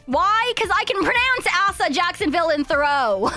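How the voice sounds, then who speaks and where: A woman's voice: extremely high pitch, big pitch swings, moderate pace, sharp tone, faint music behind. A young woman streaming a game, chatting in a playful, rambling way, swearing and giggling often. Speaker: VTuber streamer. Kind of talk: casual live-stream chat.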